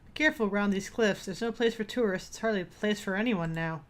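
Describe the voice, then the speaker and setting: A woman's voice: medium pitch, fast talker, close to an everyday voice. A woman voicing a grim, vengeful old male fisherman in a game, reading the dialogue aloud with a few stumbles.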